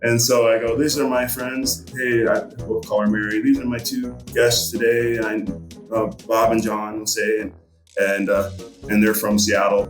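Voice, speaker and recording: A man's voice: fairly low pitch, little pitch movement, normal speed, roomy sound, soft background music. A middle-aged man and fishing guide, telling a story casually in a rambling way with many fillers. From Montana.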